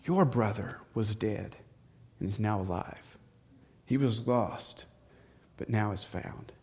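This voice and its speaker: A man's voice: medium pitch, animated, slow. A man voicing a loving father who is compassionate toward his sons. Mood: gentle. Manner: urgent and eager with servants, soft with his son.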